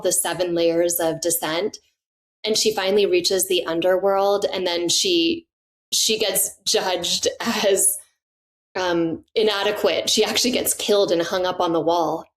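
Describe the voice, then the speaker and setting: Middle-aged woman, podcast guest, animated, eager storyteller. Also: fairly low pitch, unhurried. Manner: enthusiastic, animated, laughs often. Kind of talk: casual storytelling in conversation.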